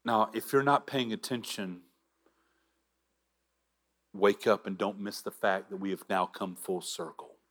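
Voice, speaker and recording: Slow, low-voiced pastor preaching. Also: male voice, fairly bright tone. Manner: earnest, halting restarts, drops to near-whisper for emphasis. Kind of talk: sermon.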